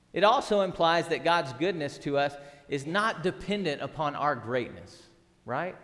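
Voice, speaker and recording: A man's voice: fairly high pitch, fairly bright tone. A middle-aged man preaching a sermon as pastor, earnest and emphatic, with repeated words and rhetorical questions. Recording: long hall reverb.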